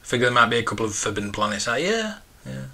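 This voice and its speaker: A man's voice: medium pitch, very animated, racing, gravelly, pushed and bright. A man in his forties, hosting a casual live stream and chatting in a rambling, nostalgic way. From United Kingdom. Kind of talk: casual live-stream chat, reading viewer comments.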